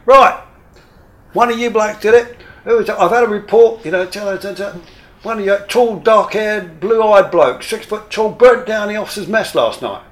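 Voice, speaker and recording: An older man voicing an angry Australian officer, his voice raised high and loud as he hectors. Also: moderate pace, natural voice. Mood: accusing.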